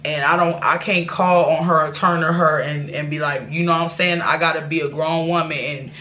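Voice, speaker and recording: A woman's voice: low-pitched, fairly even intonation, a little fast, pushed and bright. A woman vlogger telling a personal life story to her viewers, candid and rambling, with restarts and asides. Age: adult.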